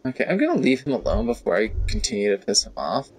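A man's voice: mid-range voice, huge pitch swings, fast, slightly rough. A man streaming a video game, reading the text aloud and commenting casually and animatedly, swearing now and then, into a studio mic.

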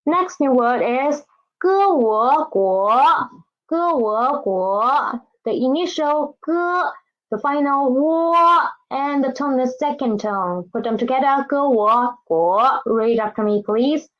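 A woman's voice: sits high, a little slow, lo-fi sound. A woman teaching a beginner language lesson, saying each word twice and asking students to repeat after her. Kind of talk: slow spoken language lesson with drills.

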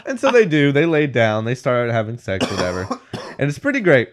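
With a mid-range voice whose pitch swoops wildly, this brisk podcast co-host casually runs through a movie scene by scene. His rambling is stuffed with "like" and "whatever," and he laughs mid-sentence.

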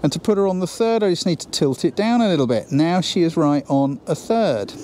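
A man's voice: on the high side, lively intonation, brisk, mellow, a little hiss or hum. A man teaching photography on a shoot, chatty and encouraging, thinking aloud as he works. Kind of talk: on-location photo lesson. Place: outdoors then inside a building on a shoot.

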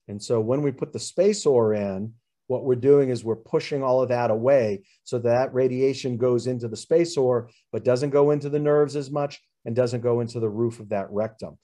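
A man's voice: mid-range voice, fairly even intonation, normal speed, mellow. A man who is a urologist giving a webinar presentation, explaining slides in plain terms with frequent fillers.

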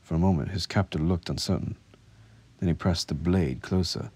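A man reads dark fiction aloud in a deep, husky voice with a measured, even delivery. The sound is dry and close, with no room around it. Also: dry recording. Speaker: audiobook narrator. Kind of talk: dramatic fiction reading.

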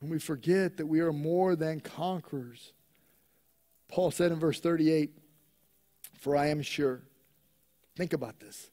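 Male pastor, high-pitched voice, emphatic church preacher with big dynamic swings. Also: fairly even intonation, a little slow, pauses often, mellow. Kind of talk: sermon.

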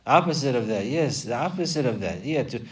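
A man's voice: mid-range voice, expressive, brisk, far from the mic, a crowd in the background. A man teaching a religious class, explaining word by word and repeating key phrases.

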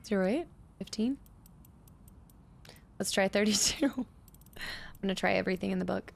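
A gaming streamer with vocal fry in her medium-pitched voice provides let's play commentary at a moderate pace. She mutters number combinations to herself, chats with viewers and laughs often.

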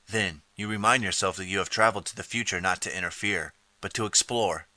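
A man reading an interactive audiobook in steady second person and calling out page choices. His voice sits low and comes across sharp and forceful. The recording is dry and close. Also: a little fast, few pauses, dry recording. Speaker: audiobook narrator. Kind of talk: scripted second-person narration.

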